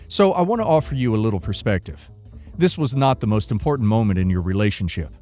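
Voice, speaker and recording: Man, narrator, reading forum posts aloud, animated pitch, soft music underneath.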